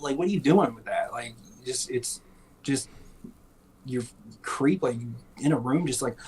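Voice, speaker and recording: A man's voice: medium pitch, measured pace, long pauses, darkish tone, a little hiss or hum, low-quality recording. A man co-hosting a casual talk show, sarcastic and profane, laughing often and mocking people in put-on voices. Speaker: podcast co-host. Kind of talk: casual chat.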